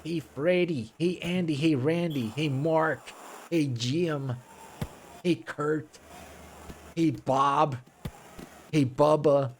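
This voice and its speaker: A man's voice: a little high, slow, pauses often, slight background noise, voice pushed up. A man voicing a goofy young American bro with an exaggerated, drawling voice, calling his buddies over to play.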